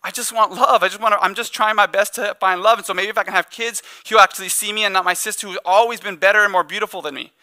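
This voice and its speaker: An unloved young wife pleads earnestly to be seen, her voice pitched fairly high and very bright and forceful, as a preacher puts her on. She sounds yearning and set on winning love, told as a sermon retelling. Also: fairly even intonation, fast talker, hardly any pauses, dry recording. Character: unloved older sister, young woman, yearning.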